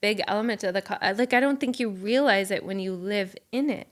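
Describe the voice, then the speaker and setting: A woman's voice: medium pitch, a little fast. A woman from Minnesota co-hosting a podcast, explaining her ideas in an earnest, thoughtful way. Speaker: podcast co-host. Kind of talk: casual podcast chat.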